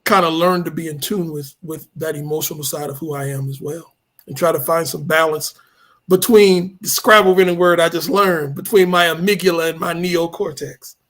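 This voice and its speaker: A man speaking as a podcast guest, earnest and measured, with fairly formal wording. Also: on the high side, steady tone, a bit bright. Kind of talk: casual podcast conversation.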